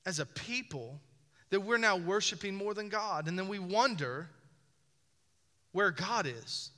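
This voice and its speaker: A man delivers a sermon in a strikingly bright, high-pitched voice, pressing his points with repeated phrases and rising emphasis. His words ring out through a hall with a long reverberant tail. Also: animated, measured pace. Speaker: pastor.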